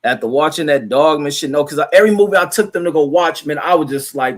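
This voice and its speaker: A man's voice: on the high side, quick pace, hardly any pauses. Profane rambling male livestream host. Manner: loose, profane, rambling, reads viewer comments aloud. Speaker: livestream host reading chat. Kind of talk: casual livestream chat.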